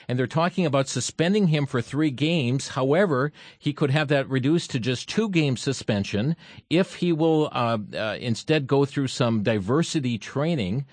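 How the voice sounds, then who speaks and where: A man's voice: medium pitch, no room sound. A man hosting a radio talk show, reading news items with many fillers and restarts.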